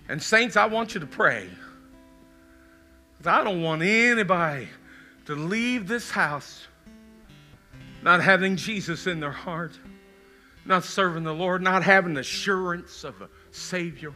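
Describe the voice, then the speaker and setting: Middle-aged male pastor, sermon altar call, very bright tone, soft guitar behind. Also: high voice. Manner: pleading, repetitive questions, builds to loud calls. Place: church sanctuary.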